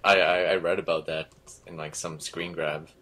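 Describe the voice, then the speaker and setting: A man's voice: deep voice, flat delivery, normal speed, fairly bright tone, a little hiss or hum. A man joining a podcast as a guest, answering with short dry quips. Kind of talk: casual podcast chat. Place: hot bedroom with window closed.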